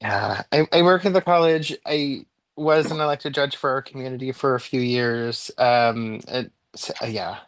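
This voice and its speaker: A male podcast guest tells a story casually in a chatty, lively, middle-pitched voice at a moderate pace, recorded dry with no echo. He's animated, jumping high in pitch when replaying his own panic, and sprinkles in frequent likes and ums.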